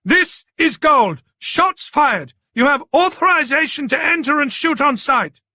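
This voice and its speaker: A man's voice: very high-pitched, animated, moderate pace, pushed and bright, dry recording, studio quality, pitched above the performer's own voice, exaggerated voice. A man voicing a tough, commanding woman police commander who barks urgent orders. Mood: shouting.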